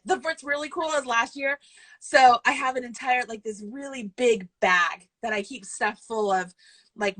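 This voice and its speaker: A woman's voice: on the high side, bright, forceful tone, poor audio. A woman in her forties, a coach and business owner, chatting casually and getting tearful as she rambles. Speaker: guest host, yarn business owner and throwing coach. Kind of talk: casual video chat.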